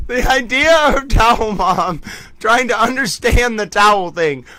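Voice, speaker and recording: A man's voice: high voice, lively intonation, unhurried, bright, forceful tone, no room sound. A man hosting a casual livestream, playful and mock-dramatic, often breaking into laughter. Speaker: livestream host.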